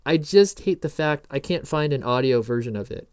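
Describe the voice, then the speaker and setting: A man's voice: medium pitch, lively intonation, normal speed, a little mellow, clean tone. A man hosting a casual coding tutorial, rambling through notes with jokey asides and frequent self-interruptions. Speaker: programming tutorial host. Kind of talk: casual screen-recorded coding lesson.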